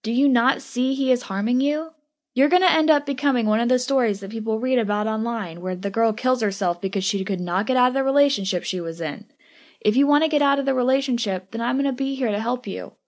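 A woman's voice: a little high, fast talker, pitched above the performer's own voice, lightly acted. A woman voicing a fiercely loyal young friend. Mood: pleading. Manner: earnest, impassioned pleading.

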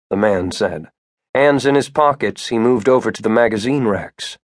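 A man reading an audiobook as narrator, with expressive storytelling. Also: on the low side, measured pace, no echo, studio quality. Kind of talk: scripted narration.

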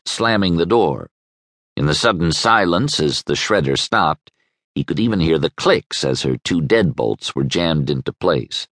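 Male audiobook narrator, wry, expressive; dry studio sound. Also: low voice, no room sound. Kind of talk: scripted narration.

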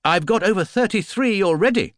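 A man voicing a polite, earnest young bear in a storybook reading, raised well above his own voice and spoken slowly and carefully. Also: sits high, lively intonation, fairly bright tone, no echo, studio quality, voice pushed up.

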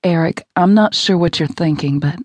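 A woman voicing a flustered young woman in an audiobook romance, speaking in a hushed, guarded way. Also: on the low side, moderate pace, no echo, close to an everyday voice.

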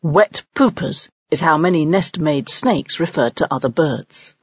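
Slow, husky woman reading a children's story. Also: sits low, no room sound, lo-fi sound. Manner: measured, expressive storytelling. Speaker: audiobook narrator. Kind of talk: scripted narration.

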